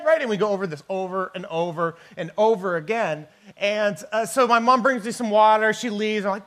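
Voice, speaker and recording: A man's voice: high-pitched, fairly quick. A man from Northern California, a guest preacher giving a conversational, joking sermon in a church. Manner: conversational, joking, animated storytelling.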